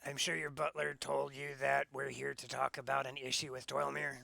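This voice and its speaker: A man playing a tabletop game, speaking his character in a measured, politely formal way. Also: medium pitch, level tone, creaky, crowd noise. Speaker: player.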